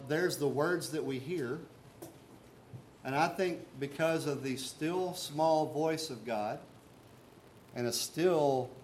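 Male pastor, earnest conversational sermon delivery, medium pitch, light background noise. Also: darkish tone. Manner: earnest, conversational preaching with rhetorical questions.

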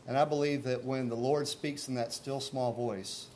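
Male pastor, earnest conversational sermon delivery, medium pitch, light background noise. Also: fairly even intonation, moderate pace, darkish tone. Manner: earnest, conversational preaching with rhetorical questions.

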